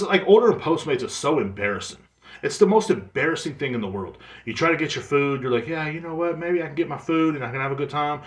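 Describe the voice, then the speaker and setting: A man hosting his own podcast, ranting in a profane, exasperated comedic monologue with quick mimicked asides. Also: mid-range voice, a bit bright, reverberant. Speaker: podcast host. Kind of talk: solo comedic rant.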